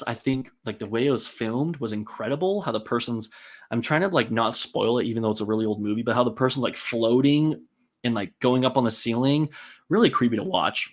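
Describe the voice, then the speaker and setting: A man talks casually on a live-stream, with a voice of middle pitch. He rambles in a chatty way, full of ums and likes, as he stops to read out and answer comments from viewers.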